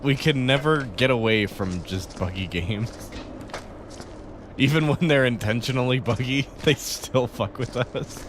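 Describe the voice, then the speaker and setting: A man's voice: medium pitch, unhurried, slight background noise. A young man co-hosting a gaming channel, chatting casually and swearing and laughing with a friend while they play. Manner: reads the briefing in a flat official tone, then swears and laughs with a friend. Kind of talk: casual gameplay chat.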